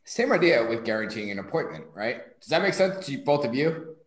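Man from new york, lively pitch, roomy echo, blunt, swears a lot. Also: brisk. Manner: blunt, swears freely, animated. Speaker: co-host. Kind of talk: casual livestream chat.

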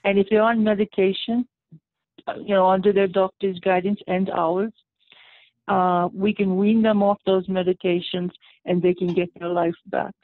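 A woman guest calling into a radio talk show, explaining her work in a steady, methodical way. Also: mid-range voice, moderate pace, no room sound. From raised in the Roma community. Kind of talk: radio interview by phone. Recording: tinny phone line.

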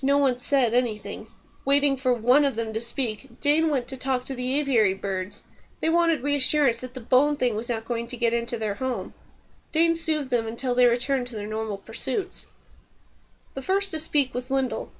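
High-voiced woman narrating an audiobook.

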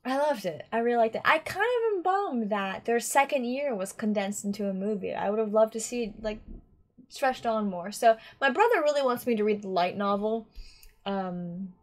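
Gal reacting to an anime, kinda high voice, rambly and chatty, keeps restarting. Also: female voice, expressive, normal speed. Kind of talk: casual reaction commentary.

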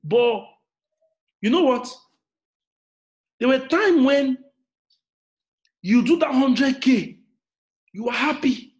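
A Nigerian man in his thirties giving a motivational talk, emphatic and repetitive, dropping quiet then shouting. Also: very high voice, expressive, slow pace, pauses often. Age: 30s. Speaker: motivational speaker. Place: indoors in an air-conditioned room.

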